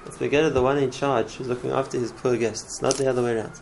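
A man's voice: mid-range voice, fairly even intonation, quick pace, gravelly, a little mellow, slight background noise, poor audio. A man teaching a religious class in an earnest way, often repeating words and restarting his phrases. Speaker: Torah teacher.

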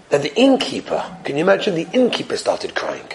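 A man with a high voice tells a story in an animated, emotive way. He repeats phrases for emphasis and lingers on the dramatic moments. A faint noise runs underneath. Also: fairly quick.

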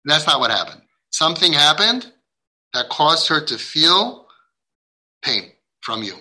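Addressing parents as a guide, this man speaks in a highish, bright, forceful voice with big pitch swings, taking his time. His heartfelt, emphatic talk includes acted-out quoted dialogue and Hebrew and Yiddish religious words, on a rough recording.

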